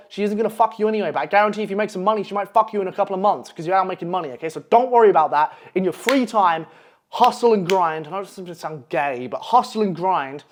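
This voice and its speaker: A brash young man lectures his viewers. His voice sits fairly high, and he swears freely and keeps pressing "okay?" after each point. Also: slight background noise. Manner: profane, brash, repeats "okay?". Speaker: online coach. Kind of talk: blunt motivational monologue.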